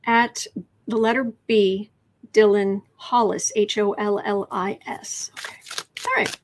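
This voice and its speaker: A woman's voice: medium pitch, fairly even intonation, measured pace. A woman doing a casual tarot reading on a livestream, chatty and rambling, sometimes dropping into whispered asides. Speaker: tarot reader.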